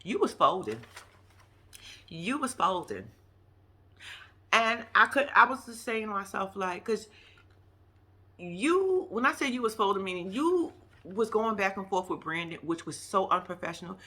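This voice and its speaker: A woman recaps a reality show episode in a loose, casual commentary. Her voice is bright and sharp, and she's blunt and profane, scolding the cast as she goes. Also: medium pitch, big pitch swings, a little slow, long pauses, husky.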